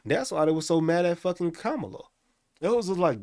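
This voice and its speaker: A man ranting in a casual live stream, swearing often and talking in an animated way. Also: high voice, a little fast, dry recording, studio quality.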